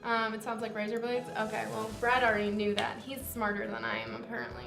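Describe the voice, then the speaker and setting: A woman's voice: on the high side, level tone, quick pace, creaky. A young woman co-hosting a game stream, chatting casually with a playful, giggly, teasing manner. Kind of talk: casual chat while gaming. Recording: roomy sound with game music behind.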